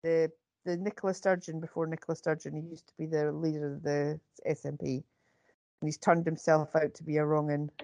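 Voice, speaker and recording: Scottish woman chatting on a podcast, kinda low voice, lots of ums, dry sound. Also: brisk, no room sound. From Scotland. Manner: chatty, animated, thinks aloud with lots of ums. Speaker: podcast co-host. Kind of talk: casual chat.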